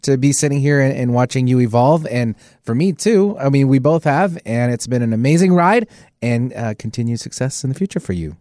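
A man's voice: medium pitch, animated, brisk, mellow, no room sound, studio quality. A man who works as a radio station's technical producer, giving short, affectionate and bashful replies in casual on-air banter.

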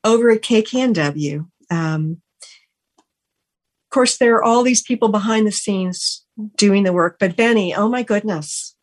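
A woman's voice: mid-range voice, measured pace. A woman hosting a radio talk show, thanking her team in an earnest, gushing way with many restarts. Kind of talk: heartfelt on-air thank-yous.

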